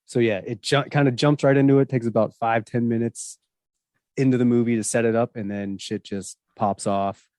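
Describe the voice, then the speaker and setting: A man hosting a podcast, talking in a loose, slangy ramble. His voice has a middling pitch. The sound is dry, with no room around it. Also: steady tone, moderate pace, darkish tone, no room sound. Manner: rambling, slangy, full of fillers. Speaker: podcast host. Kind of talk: casual chat.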